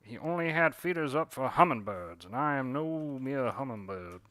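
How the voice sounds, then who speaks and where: A man's voice: mid-range voice, animated, moderate pace, pushed and bright, dry recording. A man voicing a pompous, old-fashioned male cardinal bird in a put-on Southern drawl, with formal, indignant diction. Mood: aggrieved.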